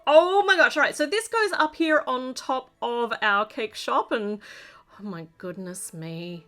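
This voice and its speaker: A woman's voice: a little high, unhurried, fairly bright tone. An Australian woman narrating a LEGO build in a chatty, gushing way, praising each step as she goes.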